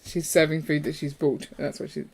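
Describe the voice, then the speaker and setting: Over a crowd in the background, a woman speaks a little fast in a low, flat voice. She co-hosts a live building stream, making playful, chatty conversation that wanders between topics as she builds and reads viewer messages aloud.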